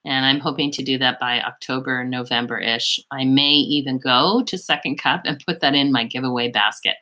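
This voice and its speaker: A woman's voice: a bass voice, normal speed, pushed and bright. A woman hosting a beauty live stream, chatting casually and answering viewers' chat messages in a rambling, friendly way. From Canada.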